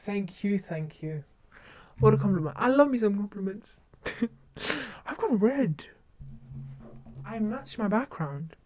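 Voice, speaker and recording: Fast, rambly young woman streamer. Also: mid-range voice, lively intonation, darkish tone. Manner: rambling, fast and talkative with many fillers. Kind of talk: casual live-stream chat. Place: home streaming setup.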